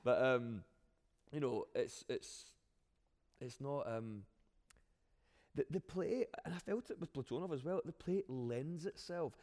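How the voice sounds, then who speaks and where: A man with a Glaswegian accent, an actor answering interview questions in an animated way, often restarting his sentences. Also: medium pitch, unhurried, long pauses, big-room sound.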